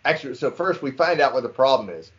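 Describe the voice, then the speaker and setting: A man's voice: medium pitch, fast. Een jonge Amerikaanse man vertelt geanimeerd en informeel een verhaal aan zijn vrienden in een podcast. De opname klinkt een beetje dof en lo-fi. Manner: animated storyteller, says "dude" often. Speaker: podcast co-host. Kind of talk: casual chat, storytelling. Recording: slightly dull lo-fi sound.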